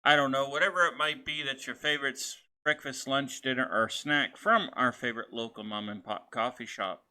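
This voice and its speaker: A man narrating his own game session in a loose, chatty let's-play style. His voice is bright and clear, with plenty of fillers and restarts as he wanders from one thought to the next. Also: medium pitch, a little fast. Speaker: gaming channel host.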